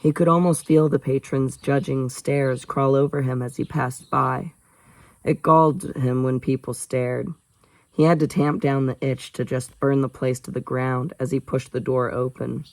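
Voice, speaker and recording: A man reads a novel aloud in a relaxed, unpolished way, his voice carrying a gravelly edge. He pitches it in an ordinary middle register and breaks off now and then for chatty, self-mocking asides about his own stumbles. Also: unhurried, no echo, poor audio. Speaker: audiobook reader. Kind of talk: casual audiobook reading.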